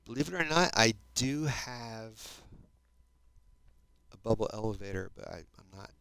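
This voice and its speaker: Playing Minecraft on a live stream, a South Jersey man in his fifties chats with viewers in his regional accent, often saying "dude" and "man." His medium-pitched voice is animated and measured, with vocal fry and a fairly bright tone, and the audio is smooth with no echo.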